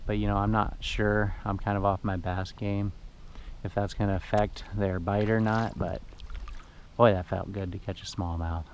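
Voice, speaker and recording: Low-voiced chatty fishing vlogger man. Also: flat delivery, normal speed, slight background noise, low-quality recording. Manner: chatty, emotional, addresses viewers as guys. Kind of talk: casual outdoor narration to camera. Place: on a boat on a river, outdoors.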